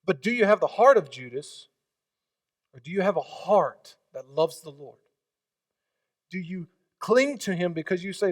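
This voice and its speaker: A man preaching a sermon, swinging from loud emphatic lines to quiet hushed ones. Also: high-pitched, expressive, unhurried, pauses often, dry recording, recorded from a distance. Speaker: pastor.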